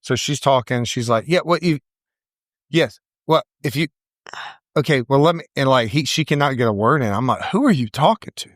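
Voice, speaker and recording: A middle-aged man, a salon owner and podcast co-host, telling a story in casual chat, animated and acting out quoted voices. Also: medium pitch, moderate pace, dry recording, clean studio sound.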